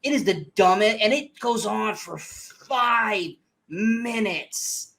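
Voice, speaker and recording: A man co-hosting a movie review podcast, ranting in an animated, exasperated way with plenty of swearing. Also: high-pitched, takes it slowly, gravelly. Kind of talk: casual movie review chat.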